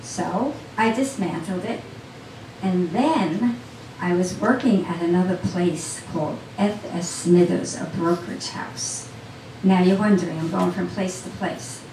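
A woman's voice: lowish voice, a little slow, mellow, a little hiss or hum. Storyteller woman, chatty with the crowd, heard from far off in an echoey cafe with faint chatter. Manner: chatty, talks straight to the audience. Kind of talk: personal storytelling to a live audience. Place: small cafe event. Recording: roomy sound from a distant mic.

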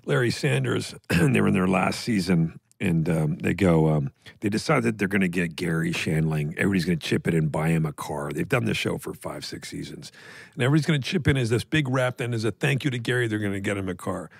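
A man's voice: low voice, fast, vocal fry, husky, no echo, clean studio sound. A man co-hosting a podcast, telling anecdotes in casual chat and acting out the quotes in them. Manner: animated anecdote teller, acts out quotes. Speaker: podcast co-host.

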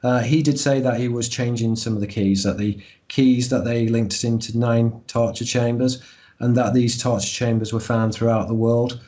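A man speaks at a middle pitch, unhurried and explanatory. He hesitates often, filling gaps with soft ums as he works through ideas. He is a guest author in a podcast interview. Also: fairly even intonation. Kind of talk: discursive interview talk.

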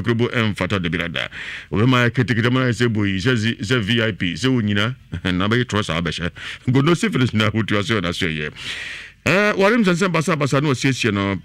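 A man with a Ghanaian accent reading a run of product adverts, hyped and repetitive, reading out phone numbers twice and swinging between loud calls and low mutters. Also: no room sound. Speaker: radio advert presenter. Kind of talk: fast advert announcing in mixed Twi and English.

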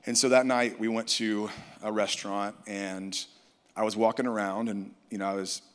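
A man's voice: lowish voice, level tone, normal speed, fairly bright tone. A man telling a personal testimony at a conference, storytelling and quoting others. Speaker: worship musician. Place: large conference hall. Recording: reverberant hall.

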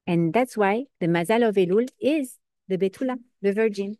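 A woman giving an informal Torah class, earnest and lively, asking questions and answering them herself. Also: mid-range voice, normal speed, no room sound, studio quality. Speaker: Torah teacher.

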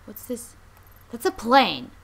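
A young woman hosting a let's play, commenting with exasperation, muttering and then yelling. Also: a little high, huge pitch swings, slow pace, creaky. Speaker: gaming channel host.

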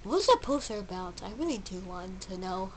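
A woman giving casual gameplay commentary, excitable, yelping at the game and babbling silly sound effects. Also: medium pitch, a little fast, poor audio. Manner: excitable, yelps and shouts at the game. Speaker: let's play gamer.

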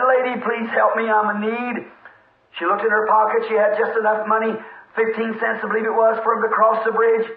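High-voiced fervent preacher on old tape. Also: male voice. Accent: Southern American. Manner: fervent, excitable, shouting praise. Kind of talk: storytelling revival sermon. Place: church. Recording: lo-fi old tape, echoey church.

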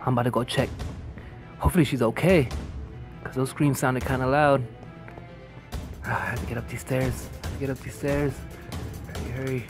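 A woman voicing a brave woodsman rescuer with a gun who talks in urgent, breathless shouts, recorded from a distance with music behind. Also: mid-range voice, wildly swooping pitch, normal speed, long pauses, voice pushed down.

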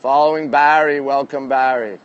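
A man's voice: medium pitch, fairly even intonation, moderate pace, clear, resonant tone, lo-fi sound. A man from Canada hosting a live phone stream from his rooftop at night, chatting upbeat and greeting viewers by name. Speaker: livestream host. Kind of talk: live-stream chat reading viewer comments. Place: rooftop deck outdoors at night. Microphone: phone held in hand.

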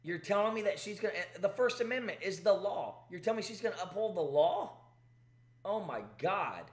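High-voiced man ranting with exasperation. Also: roomy sound. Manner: exasperated, emphatic. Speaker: political commentary host. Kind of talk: ranting commentary.

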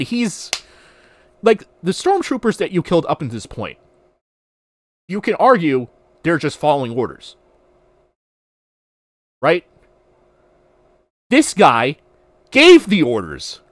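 Here the podcast host's voice is on the high side and a little slow, with long pauses and no echo. Still animated, he swears freely and keeps restarting as he rants casually, livestream style.

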